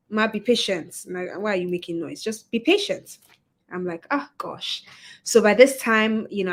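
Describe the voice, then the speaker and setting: A woman hosting a webinar, giving a motivational talk and telling a story with lively acted-out quotes. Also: medium pitch. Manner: expressive storyteller, acts out quoted voices. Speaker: webinar host and etiquette coach.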